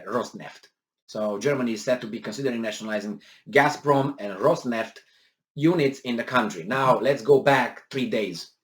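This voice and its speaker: Indignant man ranting over a news article. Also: mid-range voice. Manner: animated, indignant, sarcastic, many fillers and restarts. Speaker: commentary video host. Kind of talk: political commentary reading a news article.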